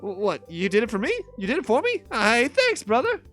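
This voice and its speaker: A man reading a flustered young male hotel bellboy aloud, with a high, yelping delivery. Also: huge pitch swings, unhurried, bright, forceful tone, faint music behind, exaggerated voice.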